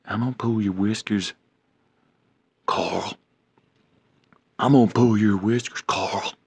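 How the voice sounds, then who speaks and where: A man's voice: fairly low pitch, steady tone, slow pace, vocal fry, husky, dry recording. A man filming a casual vlog, teasing and nagging his cat over and over to make it do something. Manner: teasing, nagging, repeats himself.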